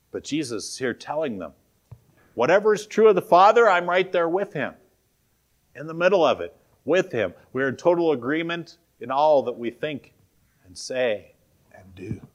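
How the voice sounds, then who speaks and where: A man as pastor, preaching an earnest, emphatic sermon and quoting scripture. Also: medium pitch.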